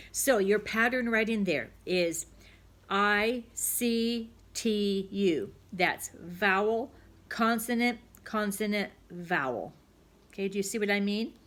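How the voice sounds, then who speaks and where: Patient woman teaching young children. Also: mid-range voice. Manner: patient, homey and unhurried, explaining step by step with frequent "okay?". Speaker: second-grade teacher. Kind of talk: recorded phonics lesson for young children.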